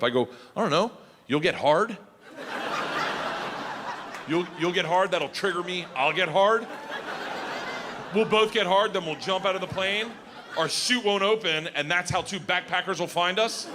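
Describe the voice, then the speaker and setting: A middle-aged man tells a stand-up story on a live stage, his voice sitting high and swinging widely between low mutters and shouted peaks. Audience noise hums clearly behind him through the stage microphone. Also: moderate pace, pauses often. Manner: loud, animated, shouting punchlines over crowd laughter. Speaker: stand-up comedian.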